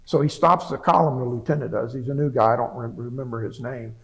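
A man in his seventies, a veteran, tells his story plainly in an oral history interview, often restarting and repeating words. His mid-range voice is creaky and a bit bright, with a steady tone and fast delivery, and the audio is poor.

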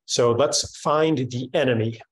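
A man's voice: medium pitch, a little slow, low-quality recording. A middle-aged man in a reflective conversation, talking thoughtfully with frequent restarts and fillers. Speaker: speaker in a panel conversation.

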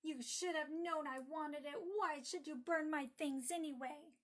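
A woman voicing a crying, upset five-year-old girl in a children's story reading, wailing in a high, slow voice.

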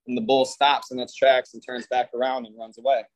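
A man's voice: medium pitch, flat delivery, fairly quick, dry recording, rough recording. A man appearing as a defendant over a video call, telling a long, meandering joke story full of fillers.

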